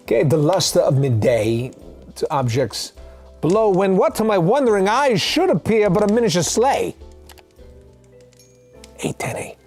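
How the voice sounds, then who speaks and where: Brief: man putting on a slow, halting celebrity impression reading a holiday poem, lively pitch swings. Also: full character voice. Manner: odd pauses, broken phrasing. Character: impression of a famous actor's halting, oddly stressed delivery.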